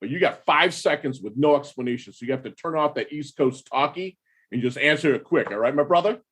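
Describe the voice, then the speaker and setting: A man's voice: fairly high pitch, expressive, fairly quick, fairly bright tone, slightly rough. A man from the American Midwest hosting a podcast interview, effusive and slangy, calling his guest dude and brother. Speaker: podcast host. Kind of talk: casual interview.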